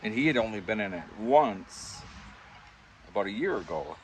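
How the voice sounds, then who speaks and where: Recorded in a backyard pub shed, an older vlogger tells chuckling, wandering pub anecdotes at a moderate pace, voicing the characters he quotes. His lowish voice swings widely in pitch, and there's slight background noise.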